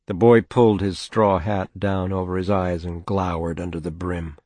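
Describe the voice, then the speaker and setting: A man narrating a novel in a steady, measured audiobook reading. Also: low voice, dry recording.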